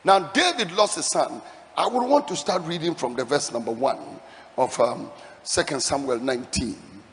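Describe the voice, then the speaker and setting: A man's voice: a little high, slight background noise. Preaching man in a reverberant church hall. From Ghana. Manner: preaching with dramatic scripture reading, slowing for emphasis. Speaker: pastor. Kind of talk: sermon.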